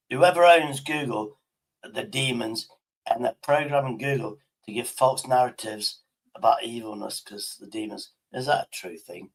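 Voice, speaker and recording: A man's voice: medium pitch, gravelly, a bit bright, breathy edge, poor audio. A man from Derbyshire with a Derbyshire accent, a tipsy stream host rambling and swearing in casual chat. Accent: Derbyshire English. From Derbyshire, England.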